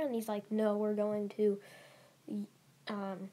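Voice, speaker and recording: A woman's voice: mid-range voice, little pitch movement, measured pace, mellow. A young woman narrating a fan story in a casual, rambling way, giggling and restarting often. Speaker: channel host.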